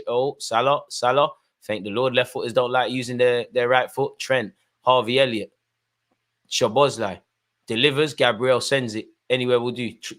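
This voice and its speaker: A young man giving excitable live commentary on a football match, shouting at players and the referee. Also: medium pitch. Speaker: football fan channel host.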